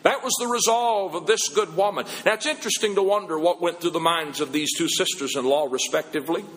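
A man preaching a sermon in a church, swinging his pitch up and down and slowing down to stress key words. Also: a bit bright. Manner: rises and falls in pitch, slows for emphasis. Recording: long reverb of a hall.

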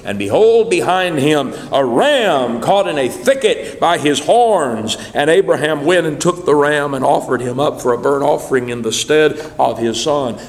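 A man's voice: mid-range voice, a little hiss or hum. A man preaching a sermon, telling a story dramatically with swelling emphasis. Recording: echoey hall.

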